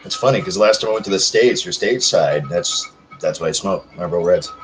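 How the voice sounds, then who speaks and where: A man's voice: deep voice, a little fast, faint music behind, rough recording. A man in his thirties chatting casually on a livestream, reading out comments in a rambling, self-joking way. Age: 30s. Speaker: livestream host.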